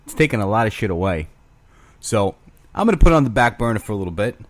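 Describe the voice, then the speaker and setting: A man's voice: on the low side, big pitch swings, fast, no echo. A man hosting his own show alone, rambling crudely with self-mocking humor. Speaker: podcast host. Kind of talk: casual solo rambling.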